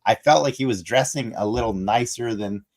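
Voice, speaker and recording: A man co-hosting a podcast, talking through a movie in a rambling, animated way with many restarts. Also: medium pitch, normal speed. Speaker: podcast co-host. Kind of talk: casual movie discussion.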